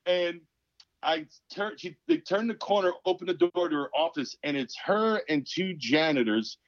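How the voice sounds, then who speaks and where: His pitch is fairly high and his speed normal as this fifties-aged former professional basketball player spins a story on a podcast. He's animated, acting out each quoted person. The sound is dry and dull.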